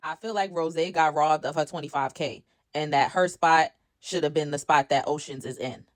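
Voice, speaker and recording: A woman's voice: deep voice, normal speed, dry recording, clean studio sound. A woman giving a casual recap of a reality show, chatty and incredulous, with pointed asides. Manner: chatty, incredulous asides, quotes others with slang.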